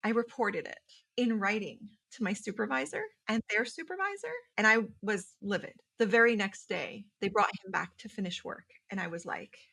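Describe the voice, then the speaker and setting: A woman from Syria speaks as a podcast guest in a casual, animated way, acting out dialogue in changing voices. Her voice is bright and forward, pitched in the middle for a woman. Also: moderate pace, vocal fry, few pauses. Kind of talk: storytelling in casual conversation.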